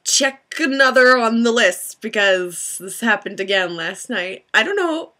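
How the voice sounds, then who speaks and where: A young woman telling a story in a casual vlog, giggly and excitable, rambling with many restarts. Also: medium pitch, a little slow. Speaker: vlogger.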